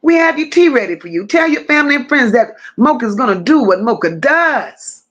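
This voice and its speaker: A woman hosting a casual livestream, greeting her chat one by one with drawling, affectionate shout-outs. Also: sits high, very animated, normal speed, lo-fi sound. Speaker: livestream host.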